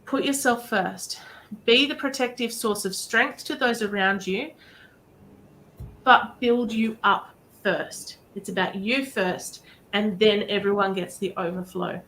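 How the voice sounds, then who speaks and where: Woman, card-reading stream host, mid-pitched, direct and upbeat, faint low rumble behind. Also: steady tone, a little slow, a bit bright, poor audio. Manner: direct, encouraging, chatty. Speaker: psychic reader and show host.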